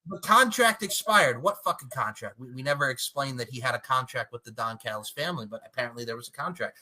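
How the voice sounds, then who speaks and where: A man hosting a casual wrestling podcast, animated and swearing freely, slipping into mocking impressions. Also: medium pitch, quick pace.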